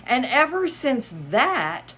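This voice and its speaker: A woman reads as an eccentric, boastful hatter who slips into mournful asides, his voice pitched high and sing-song and swooping widely. He drags out his words and stretches them for effect. This is a storybook voice, playful and theatrical. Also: big pitch swings, slow, sharp tone, slight background noise, heavily acted. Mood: whimsical.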